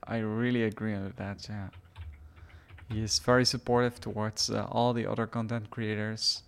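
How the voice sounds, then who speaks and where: A man's voice: lowish voice, level tone, moderate pace, creaky. A man co-hosting a podcast, chatting casually and hesitantly during a game session. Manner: hesitant, lots of uh fillers, laughs easily. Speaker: podcast co-host. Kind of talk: casual chat while gaming.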